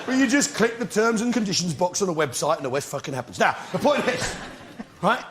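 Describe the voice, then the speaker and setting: A blustering middle-aged English comedian rants on stage in a high, swooping voice that leaps all over the place. He swears freely and talks straight to the crowd. The live recording is noisy. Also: expressive, fairly quick, fairly bright tone. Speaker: stand-up comedian. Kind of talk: stand-up comedy performance. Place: theatre stage before a live audience.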